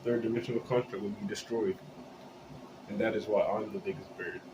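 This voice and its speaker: A man's voice: lowish voice, steady tone, a little fast, lightly acted, rough recording. A man voicing a male bird that claims to be a huge universal being, speaking in a grandiose, mock-serious way. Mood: boastful. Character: boastful cosmic giant bird, male.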